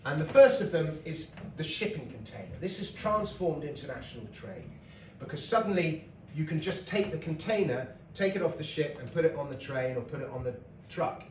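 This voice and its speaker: A middle-aged man from Britain delivers a comic lecture, chatty and full of asides. His voice sits a little high, and it is picked up from a distance. The roomy hall carries a faint background hum. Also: lively intonation, a little fast, hardly any pauses. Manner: chatty storytelling with laughs and asides. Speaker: lecturer and comedian. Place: lecture hall with live audience.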